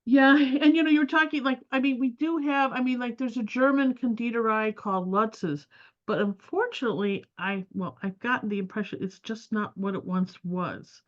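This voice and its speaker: A woman's voice: on the high side, moderate pace. A woman moderating a Q&A, chatting in a hesitant, rambling way with many fillers. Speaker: moderator reading questions. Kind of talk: casual Q&A chat. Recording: dull lo-fi sound.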